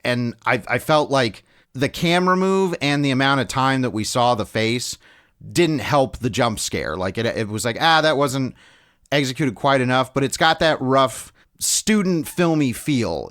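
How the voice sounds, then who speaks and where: A man's voice: mid-range voice, expressive, moderate pace, a bit bright. A man co-hosting a podcast, talking loosely in a casual film discussion, with lots of "um" and restarts. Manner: loose and chatty, many fillers and restarts. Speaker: podcast co-host.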